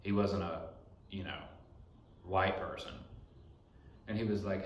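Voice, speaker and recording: A man's voice: low voice, fairly even intonation, takes it slowly, long pauses, dull audio. A young man hosting a podcast in his garage, rambling through a profane story in a casual monologue. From Alabama. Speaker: podcast host. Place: home garage. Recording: echoey garage.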